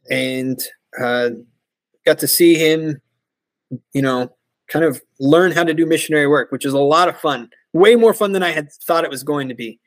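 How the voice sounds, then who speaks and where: A fairly high-voiced American man in his forties tells stories to a podcast host. He talks in an animated way, laughs often and slips into voices of other people. His voice is close and dry, with no room sound. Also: no room sound. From United States. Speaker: podcast guest. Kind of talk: casual storytelling interview.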